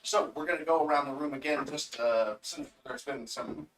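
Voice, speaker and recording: A man's voice: a little high, normal speed, fairly bright tone. Man hosting, heard in a roomy space. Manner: loose, filler-heavy. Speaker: host. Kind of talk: casual chat. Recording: roomy, distant mic.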